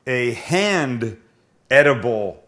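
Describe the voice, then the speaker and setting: A man of ordinary pitch hosts a laid-back cooking show from a home kitchen. He wisecracks, swears now and then, and talks viewers through each step in a loose, joking way. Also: sing-song, drawn-out words, a bit bright. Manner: joking, wisecracking, a bit profane. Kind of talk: casual cooking demonstration.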